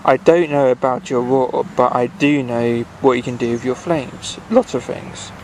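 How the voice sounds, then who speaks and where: A man's voice: medium pitch, normal speed, darkish tone, a little hiss or hum, close to an everyday voice. A man reading a storybook aloud and voicing a kindly but firm little man who talks a dragon round. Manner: coaxing, firm. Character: kindly, stern little old herbalist man.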